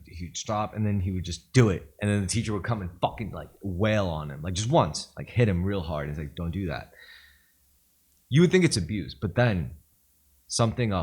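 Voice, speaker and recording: A man's voice: low-pitched, expressive, a little fast, a little mellow, slightly rough. A man co-hosting a podcast, arguing provocative points and telling stories in casual, crude chat. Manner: provocative, argumentative storyteller. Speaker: podcast co-host.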